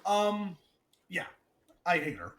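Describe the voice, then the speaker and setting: A man co-hosting a podcast in casual chat, animated and laughing as he reads news items aloud. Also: sits high, takes it slowly. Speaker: podcast co-host.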